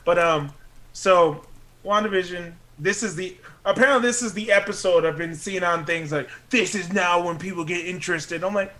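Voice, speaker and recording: A man's voice: high-pitched, moderate pace, pushed and bright. A young man co-hosting a podcast in casual chat, joking, laughing often and slipping into silly voices. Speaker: podcast co-host.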